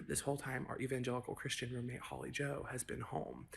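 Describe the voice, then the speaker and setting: Man, 20s, gravelly, quick comic storyteller; chatty, self-mocking, whispered asides. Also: mid-range voice, little pitch movement, a bit bright. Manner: fast, chatty, self-deprecating, often dropping to a whisper. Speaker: comedian. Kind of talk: rambling comic storytelling monologue.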